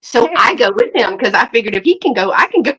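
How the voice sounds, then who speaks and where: Bright animated woman storyteller. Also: a little high, fast talker, low-quality recording. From Southern United States. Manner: animated, acts out quotes, laughs often. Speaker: live sale host. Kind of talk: casual storytelling chat.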